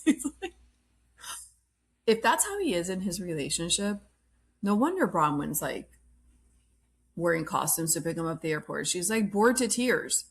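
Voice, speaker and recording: A woman's voice: fairly low pitch, sing-song, moderate pace, pauses often, breathy edge. A woman hosting a podcast, giving a casual and blunt recap of reality TV, often saying "like.". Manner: blunt, opinionated, peppered with "like". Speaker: podcast host.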